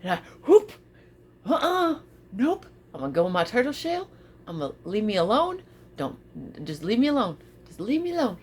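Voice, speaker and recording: A woman vlogging casually to her viewers, expressive, often repeating her phrases and laughing. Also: mid-range voice, fast, a little hiss or hum. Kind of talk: casual talk to camera.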